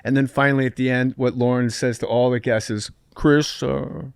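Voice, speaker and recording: A man hosting a podcast, telling comedy stories in a casual, animated way with crude humor. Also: mid-range voice, fairly quick, smooth, no echo, clean studio sound. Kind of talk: casual chat.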